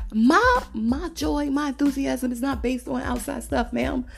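A woman's voice: high-pitched, expressive, unhurried, gravelly, soft background music. An American woman hosting a podcast, talking in an emphatic, profane, casual monologue that repeats points for emphasis. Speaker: podcast host. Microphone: podcast mic.

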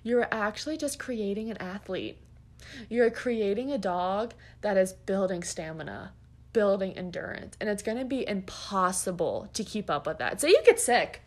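Lively, blunt woman dog trainer. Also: medium pitch, normal speed. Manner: emphatic, swears casually, laughs often. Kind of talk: blunt advice podcast.

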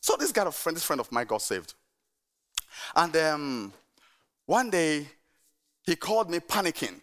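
A middle-aged male pastor preaching a sermon, telling stories in an animated way and urging the congregation to answer back. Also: on the high side, unhurried.

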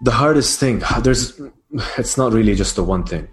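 A man's voice: lowish voice, lively intonation, moderate pace, faint music behind. A man talking as a podcast guest in casual, rambling chat full of fillers, laughing easily.

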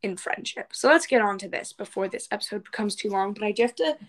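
A woman's voice: mid-range voice, expressive, fast, low-quality recording. A woman co-hosting a casual podcast, chatting and reading astrology passages aloud over a remote call. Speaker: podcast co-host. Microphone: remote call recording.

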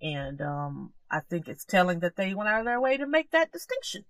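A woman's voice: fairly low pitch, very animated, a little fast, crowd noise. A woman co-hosting a casual podcast, emphatic and opinionated, often repeating herself for stress. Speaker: podcast co-host. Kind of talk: casual chat about current events.

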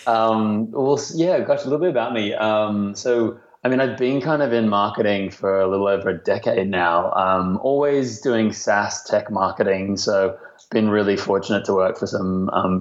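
Australian man around thirty, relaxed interview guest, low-ish voice, muffled lo-fi line. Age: late 20s to 30. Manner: chatty, self-deprecating, many fillers. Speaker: guest, marketing executive. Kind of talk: casual interview.

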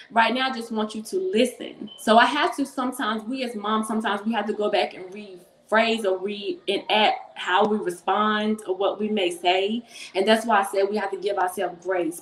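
Earnest woman, echoey room. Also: medium pitch. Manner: earnest, repeats phrases for emphasis. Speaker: mother and book co-author on a panel. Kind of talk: encouraging panel talk. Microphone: phone.

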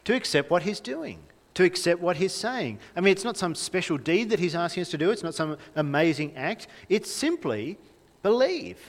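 Lively young man preaching a sermon. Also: a little high. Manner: lively, conversational, asks the congregation questions. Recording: reverberant hall.

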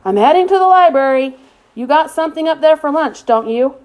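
A woman's voice: a little high, animated, moderate pace, darkish tone, natural voice. Offhand farmer dad, as a woman reads him.

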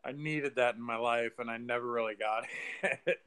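Excitable guy on a podcast, does bits from the movie, laughs a ton. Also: medium pitch, normal speed, smooth. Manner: animated, acts out quotes, laughs and swears. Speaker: podcast co-host. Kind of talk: casual movie review chat.

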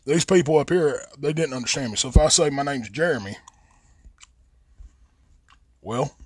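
A man's voice: medium pitch, moderate pace, slightly rough, dry recording. A man with a Southern Appalachian accent, rambling and cussing freely as a podcast host, drawling and stretching his vowels into a close mic. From West Virginia. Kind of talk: casual profane monologue.

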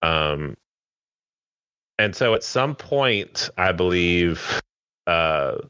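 A man co-hosting a casual wrestling podcast, recapping matches in a loose, lively way. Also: deep voice, drawn-out words, clean tone, no room sound, lo-fi sound. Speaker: podcast co-host.

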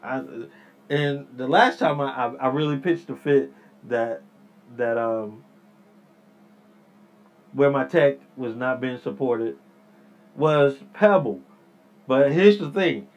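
A man's voice: medium pitch, slow, long pauses. A man hosting his own podcast, rambling in casual talk, repeating himself and calling his listeners "people". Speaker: podcast host. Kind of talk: casual solo podcast rant. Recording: dull lo-fi sound.

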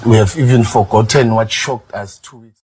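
Measured male commentator, lowish voice, faint background noise. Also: a little mellow.

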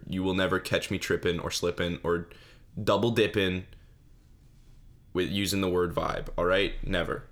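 A man's voice: low voice, creaky, a bit bright. A young man hosting a solo podcast, telling a funny story in a rambling, self-mocking way with lots of fillers and restarts. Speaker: podcast host.

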